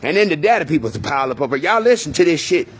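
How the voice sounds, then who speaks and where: A man with a Texan drawl and a fairly high voice tells his story in a heated, rambling rush, swearing freely and circling back over the same words. A faint hiss sits under his voice. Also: sing-song, rapid-fire. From Texas. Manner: rambling, profane, heated, repeats himself. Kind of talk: agitated storytelling to viewers.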